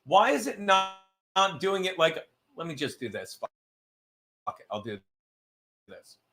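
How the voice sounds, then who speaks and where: A man's voice: high-pitched, big pitch swings, measured pace, creaky. Profane, rambling male livestream host. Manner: profane, rambling, self-interrupting; reads viewer messages aloud. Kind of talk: casual livestream chat.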